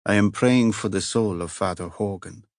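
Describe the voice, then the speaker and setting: A man voicing a tall, solemn and persuasive Italian monk with a heavy Italian accent, speaking slowly and with measured care. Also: lowish voice, dry recording, studio quality, natural voice.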